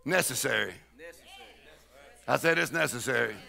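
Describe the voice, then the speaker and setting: A man's voice: medium pitch, animated, moderate pace, creaky, crowd noise. A middle-aged man preaching a charismatic sermon, exhorting and repeating lines as he builds up. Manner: shouting, exhorting, repetitive call-and-response.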